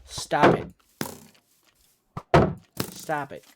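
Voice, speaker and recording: A man's voice: very slow, heavy background noise. A young man chatting casually on a gaming stream, rambling and joking as he talks back to his chat. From United States. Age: young adult. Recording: loud keyboard typing and mouse clicks.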